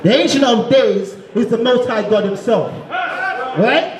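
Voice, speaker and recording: A man preaches at full shout with a very high, strained voice. He keeps asking "you understand?" and pushes the crowd to answer him. The sound rings with echo, and a faint crowd murmurs behind him. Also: a little slow. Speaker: street preacher. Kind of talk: street preaching. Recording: echoey, crowd noise behind.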